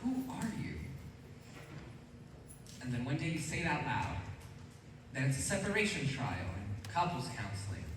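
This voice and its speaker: A man's voice: mid-range voice, big pitch swings, moderate pace, long pauses, lightly acted. A teenage boy on stage playing a lonely, wistful musical-theatre fan who confides rueful asides to the audience. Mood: confiding. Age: teens. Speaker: stage actor. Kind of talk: live stage musical acting. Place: large school auditorium stage. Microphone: distant stage recording. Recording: echoey hall from far off, audience noise.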